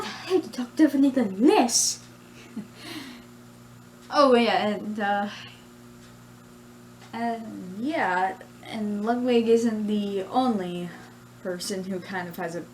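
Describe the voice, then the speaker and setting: A woman's voice: medium pitch, a little hiss or hum, poor audio. Giggly rambling woman vlogger. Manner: giggly, rambling, self-pleased. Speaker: plush video creator. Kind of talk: casual vlog chat.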